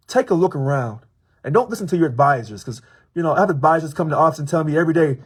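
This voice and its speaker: A man with a husky, slightly raised voice speaks as a union local president, addressing a public official in a measured sermon-like tone. He drives points home by repeating them and spacing his words deliberately. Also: fairly high pitch, expressive. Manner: measured, preachy, repeats for emphasis. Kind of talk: direct-address video commentary.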